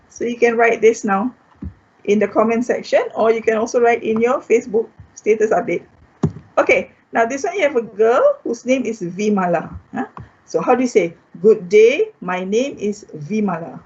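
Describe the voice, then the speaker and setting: A Malaysian woman teaching a beginners' French class online, patiently repeating each word in slow, clear steps. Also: fairly high pitch, lively intonation. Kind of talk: online language lesson. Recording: dull lo-fi online class audio.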